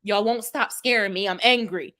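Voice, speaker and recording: A young woman vlogger telling a story casually to her live chat, lively and laughing as she acts out what she said. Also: medium pitch, moderate pace. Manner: animated, laughing, dramatic retelling with quoted exclamations.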